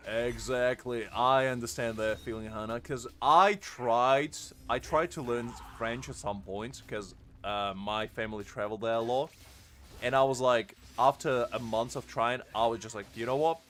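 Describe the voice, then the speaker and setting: In a casual live-stream chat, a young man playing a game jokes and rambles with his audience, replying to viewers by name. He has a mid-range, fairly bright voice at normal speed, with slight background noise.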